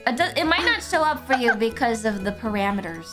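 A woman's voice: a little high, expressive, a little fast, over music. A woman streaming a farming game, chatting casually with a friend in a giggly, playful, teasing way.

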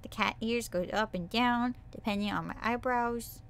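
A woman's voice: a little high, normal speed, fairly bright tone, smooth. A woman streaming as a VTuber, chatting casually and playfully with her viewers, breaking into squeals and cutesy sound effects. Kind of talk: casual livestream chat.

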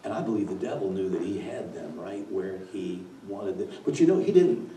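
A man preaching a dramatic storytelling sermon, swinging from hushed to loud, recorded in a church. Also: sits low, animated, moderate pace, slight background noise. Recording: echoey church from far off.

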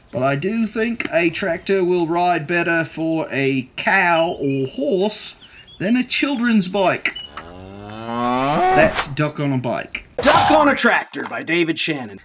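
A woman reading children's picture books aloud in a slow, animated way, adding her own asides. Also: fairly low pitch, noisy background. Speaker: storybook reader.

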